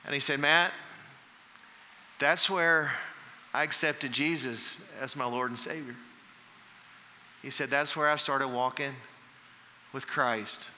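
A man's voice: mid-range voice, steady tone, takes it slowly, long pauses, bright, forceful tone, long reverb tail, a little hiss or hum. A man preaching a sermon as pastor, reading scripture aloud with rising emphasis.

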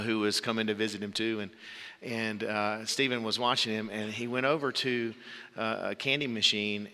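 A man's voice: on the low side, clean tone, big-room sound. A man preaching a sermon, earnest, telling stories to make his point. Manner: earnest, storytelling, shouts out quoted voices.

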